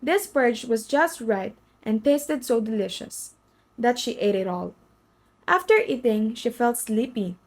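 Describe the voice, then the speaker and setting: A woman's voice: on the high side, animated, unhurried, poor audio. A woman reading a children's story aloud as storyteller, with slips and restarts.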